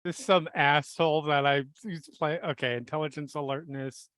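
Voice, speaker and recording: A man's voice: fairly high pitch, fairly even intonation, normal speed, fairly bright tone, clear, resonant tone, no room sound. A man playing a tabletop game, joking and thinking aloud about his moves. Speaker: player.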